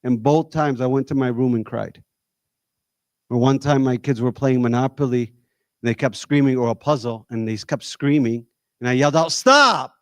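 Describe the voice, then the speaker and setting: A man's voice: medium pitch, fairly even intonation, moderate pace, a little mellow, dry recording. A man leads a community discussion. He speaks directly to a live audience, pressing them with rhetorical questions. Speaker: discussion leader.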